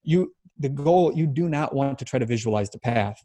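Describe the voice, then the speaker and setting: A man hosting a podcast, explaining ideas thoughtfully with many pauses. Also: medium pitch, animated, warm tone, no room sound. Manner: thoughtful, explanatory, halting with fillers. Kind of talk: casual podcast chat.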